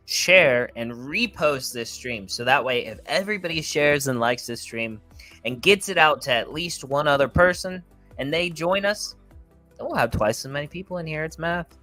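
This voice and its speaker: A man's voice: medium pitch, lively intonation, normal speed, sharp tone, faint music behind. A man co-hosting a casual crypto livestream, rambling and playful as he tells stories. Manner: loose, rambling, playful storytelling. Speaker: crypto show co-host.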